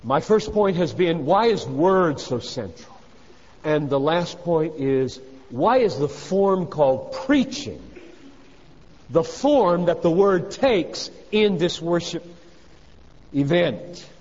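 A man preaching a sermon in a high voice. He presses hard on key phrases, then drops to a low, quiet tone. The recording is dull and carries a long reverb from a large hall. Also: lively intonation, slow. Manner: emphatic, swinging from loud exhortation to hushed low phrases.

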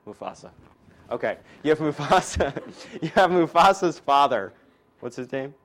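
A man giving a sermon to a class, swinging from loud, emphatic declarations to soft, quiet asides and jokes with his listeners. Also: fairly high pitch, big pitch swings, moderate pace. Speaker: preacher and teacher.

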